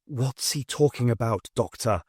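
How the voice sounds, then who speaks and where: A man's voice: mid-range voice, unhurried, breathy edge, no echo, clean studio sound. A man voicing a bewildered father in an audiobook, urgent and pleading. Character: bewildered, demanding working father.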